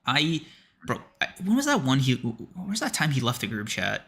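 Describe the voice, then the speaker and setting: Bright-voiced young male podcast co-host. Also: medium pitch, normal speed, husky. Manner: animated, laughs often, slangy. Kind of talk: casual chat.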